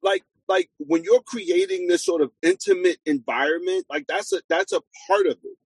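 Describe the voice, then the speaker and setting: Husky guy on a podcast, swearing a lot, voice jumping all over, dry close mic. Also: moderate pace, dry recording. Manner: animated, profane, jumps into high mock voices. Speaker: podcast co-host. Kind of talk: casual chat.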